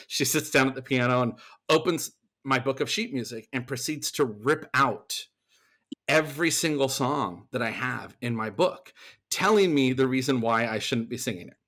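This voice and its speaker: A man's voice: medium pitch, normal speed. A man, a theater performer and voice actor, telling a story as a podcast guest in loose, chatty speech. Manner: animated, acts out other people's lines in the story; loose, chatty delivery with fillers and restarts. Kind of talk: conversational storytelling.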